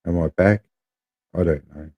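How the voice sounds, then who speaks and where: A man's voice: deep voice, unhurried, dark tone. A man with a New Zealand accent chatting casually to viewers, rambling and blunt as he talks about his gear. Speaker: live streamer.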